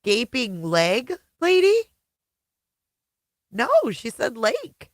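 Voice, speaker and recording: A woman's voice: fairly high pitch, huge pitch swings, extremely slow, dry recording. A woman hosting a reaction commentary, talking sarcastically and laughing often. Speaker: commentary channel host.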